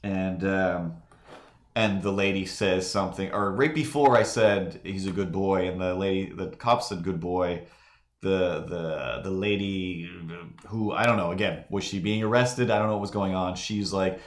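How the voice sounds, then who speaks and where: Man, casual anecdote, lots of "like" and restarts, low voice, roomy echo. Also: steady tone, measured pace. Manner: acts out the people in his story. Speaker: streamer telling a story while drawing. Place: home room during a live stream.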